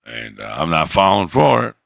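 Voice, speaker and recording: A man hosting a livestream, talking casually in a profane, joking way and telling stories with quick impressions of others. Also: low-pitched, wildly swooping pitch, vocal fry, fairly bright tone, no echo, studio quality. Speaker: livestream host. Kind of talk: casual rambling stream chat.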